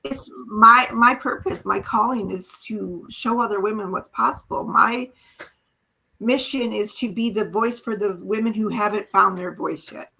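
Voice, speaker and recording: Husky, bright-voiced woman telling her story. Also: medium pitch, a little slow, poor audio. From small town. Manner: earnest, animated storytelling with quoted dialogue. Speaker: podcast guest. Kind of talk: emotional personal testimony.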